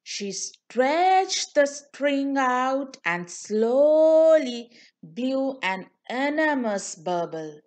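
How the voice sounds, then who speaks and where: A woman reading a children's storybook aloud in a slow, sing-song way. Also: high voice, big pitch swings, darkish tone. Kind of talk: children's read-aloud narration.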